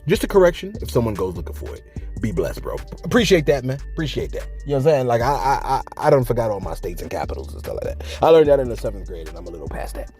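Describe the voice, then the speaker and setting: A man talks straight to camera in a loose, jokey vlog style, reading out comments and answering them. His middle-pitched voice swings up and down in lively arcs as he hammers his points home through repetition. Faint music sits underneath. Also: quick pace. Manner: animated, argues with himself, jokey asides; emphatic, repeats himself for effect. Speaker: vlogger reading viewer comments. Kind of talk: casual commentary.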